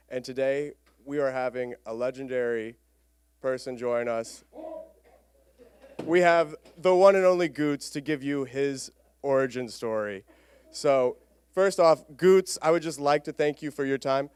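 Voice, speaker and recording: A man's voice: medium pitch, expressive, moderate pace, darkish tone, smooth, no room sound. A man presenting at a conference, playfully interviewing a mascot with mock-earnest questions. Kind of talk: comic stage interview.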